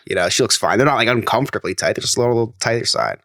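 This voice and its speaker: A man's voice: fairly low pitch, fast talker, no room sound, studio quality. A congested young man co-hosting a podcast, telling a funny story and laughing as he goes. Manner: animated storyteller, laughs through his own story. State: a little congested. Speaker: podcast co-host. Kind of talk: casual storytelling chat.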